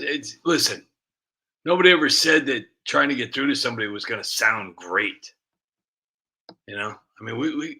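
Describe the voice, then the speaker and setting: A man hosting a nightly livestream, rambling softly with many pauses. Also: medium pitch, vocal fry. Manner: rambling, soft-spoken, lots of fillers. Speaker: livestream host. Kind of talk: casual chat.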